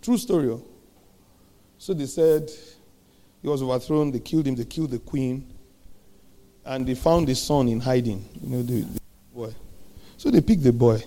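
A man preaching a sermon, animated, throwing rhetorical questions at the congregation and swinging between loud and soft. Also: mid-range voice, normal speed, long pauses.

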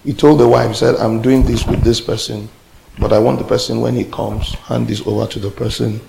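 A man's voice: mid-range voice, steady tone, fairly quick, gravelly, background noise. A man preaching a sermon as pastor, telling a story and then calling out to the congregation with rising, exclaiming lines.

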